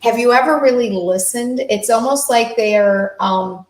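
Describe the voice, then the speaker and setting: A woman hosts a casual talk show, chatty and agreeable, building on the points her co-host makes. Her voice is fairly high, her pace measured, and the room sounds echoey.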